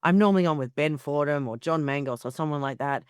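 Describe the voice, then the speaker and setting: A woman, a frank and animated guest telling stories in a podcast interview. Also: deep voice, quick pace, clean tone, dry recording, clean studio sound. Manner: animated, frank storyteller who swears freely. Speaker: author and TV commentator guest.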